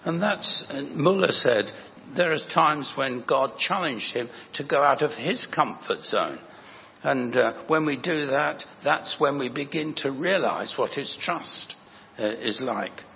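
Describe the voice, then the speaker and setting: An older man preaching a sermon as a parish priest, gentle and anecdotal, with rambling restarts. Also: mid-range voice, expressive, a little slow, vocal fry. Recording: echoey hall, dull lo-fi sound, faint noise.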